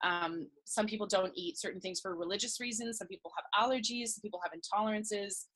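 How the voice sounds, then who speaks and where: A young woman talking easily as an interview guest. She is chatty and laughs often, and she slips into little quoted voices of other people. Her pitch sits in an ordinary middle range. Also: quick pace, fairly bright tone, slightly rough. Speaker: guest researcher. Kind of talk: casual conversational interview.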